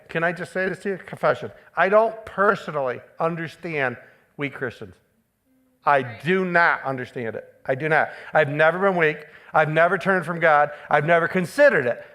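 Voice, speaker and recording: A man preaching a sermon. He speaks emphatically, repeats key phrases for stress, and moves between forceful declarations and playful asides. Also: on the high side, expressive, moderate pace.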